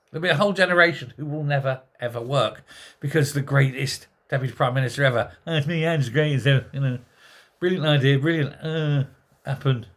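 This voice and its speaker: A man's voice: medium pitch, a bit bright. A man hosting a sarcastic, exasperated political commentary monologue full of rhetorical questions. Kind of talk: ranting monologue.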